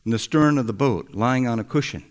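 A man preaching a sermon and retelling a story in a slow, storytelling delivery. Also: medium pitch. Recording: echoey hall.

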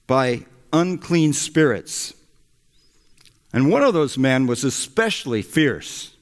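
A man preaching a sermon and retelling a story in a slow, storytelling delivery. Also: fairly high pitch. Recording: echoey hall.

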